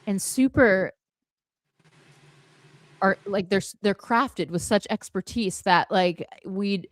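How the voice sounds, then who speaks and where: A woman's voice: medium pitch, takes it slowly, dry recording. Rambling woman on a dry livestream. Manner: rambling, many fillers and restarts; emphatic, frank, swears casually. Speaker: podcast co-host. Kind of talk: casual livestream chat.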